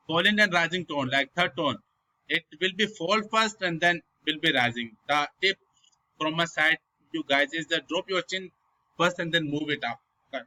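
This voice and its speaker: A young man teaching an online language lesson, speaking in a bright, ringing voice pitched a little above most men's. He drills example syllables over and over with exaggerated rises and falls, and his explanations come in non-native English phrasing. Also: a little fast, rough recording.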